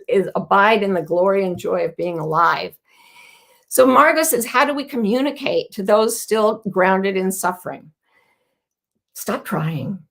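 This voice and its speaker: A woman's voice: lowish voice, gravelly. A middle-aged woman hosting a casual live talk, telling stories earnestly and acting out quoted people. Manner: warm, earnest, storytelling with quoted voices. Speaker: host.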